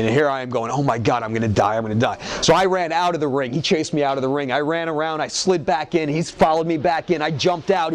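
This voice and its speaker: Animated, profane male storyteller. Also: on the high side. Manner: animated storyteller who acts out the characters' lines; profane, casual. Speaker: former pro wrestler. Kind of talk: interview anecdote.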